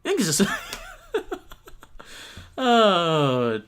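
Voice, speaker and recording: A man's voice: high voice, huge pitch swings, extremely slow, fairly bright tone, clear, resonant tone. A man streaming live, reacting to a video with exasperated ranting and frequent laughter.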